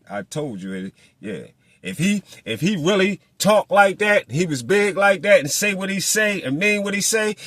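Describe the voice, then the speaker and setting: Profane animated man on a boxing rant. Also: mid-range voice, dry recording. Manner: animated, profane, mocks people in put-on voices. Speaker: boxing commentator. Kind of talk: casual monologue.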